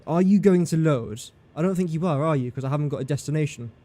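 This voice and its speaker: A man's voice: fairly high pitch, fast talker, warm tone. A man streaming live gameplay commentary, thinking aloud in a chatty way, talking to his game and to viewers in chat.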